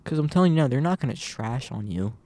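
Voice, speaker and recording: This vlogger talks fast in a medium-pitched, expressive voice with a dark tone, recorded on his camera mic with no echo. He speaks casually and earnestly to the camera, giving motivational talk that rambles and repeats itself.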